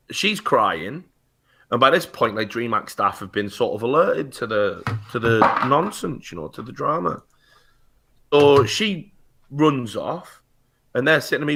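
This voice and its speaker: A man's voice: medium pitch, a bit bright. A British man telling a heated story on a talk show, swearing often and restarting his sentences. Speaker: guest.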